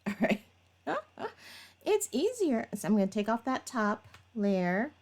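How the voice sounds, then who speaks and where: A woman's voice: mid-range voice, moderate pace. A woman vlogger chatting casually as she walks through a manicure step by step, narrating while she works and laughing at her own slips. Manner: chatty, talks while working, laughs at herself. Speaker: nail tutorial vlogger.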